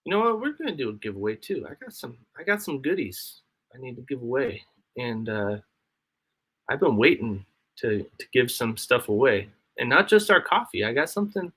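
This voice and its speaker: A man hosts a casual live stream from home, rambling along and reading out comments from his chat as he goes. His voice is bright and forward at an ordinary, mid pitch. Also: big pitch swings, normal speed, husky. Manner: rambling, chatty, reads and answers chat aloud. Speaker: livestream host. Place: home, homestead.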